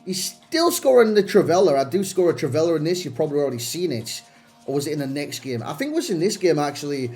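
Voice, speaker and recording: A man's voice: a little high, big pitch swings, fast talker, darkish tone, soft background music. A young man hosting a gaming channel, talking through a player review in a chatty, self-deprecating way with plenty of restarts. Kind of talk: casual game review commentary.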